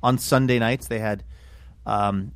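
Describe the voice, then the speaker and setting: A man's voice: on the low side, steady tone, a little slow, no room sound. Male podcast co-host, casual and self-mocking, recorded dry and close. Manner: rambling, playful, self-mocking. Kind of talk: casual chat.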